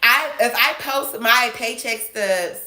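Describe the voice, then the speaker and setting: A woman, telling a story about her job in a casual, animated way and acting out both sides of an argument. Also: a little high, takes it slowly, reverberant. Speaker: vlogger telling a work story.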